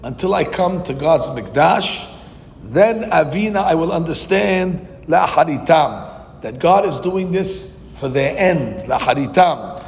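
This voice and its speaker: A man giving a verse-by-verse Torah class, reading Hebrew lines slowly, then translating and explaining them with rhetorical questions. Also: on the high side, animated, gravelly. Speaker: Torah teacher. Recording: long hall reverb.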